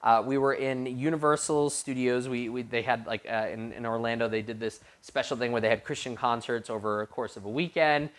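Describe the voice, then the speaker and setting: Animated man telling a youth sermon story. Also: medium pitch, a little fast, hardly any pauses. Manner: animated storyteller with frequent restarts. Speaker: youth pastor.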